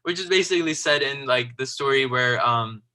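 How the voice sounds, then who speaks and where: Man, very bright tone, casual halting storyteller leaning on fillers, even pitch. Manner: halting, full of "like" and "you know" fillers; quotes the story's figures in their own words. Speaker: speaker at a temple class. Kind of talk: casual retelling of a devotional story.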